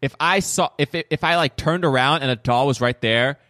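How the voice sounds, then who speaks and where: Male co-host, slightly high voice, casual chat, animated scene-by-scene retelling. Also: a little fast. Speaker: podcast co-host. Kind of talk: casual film-review chat.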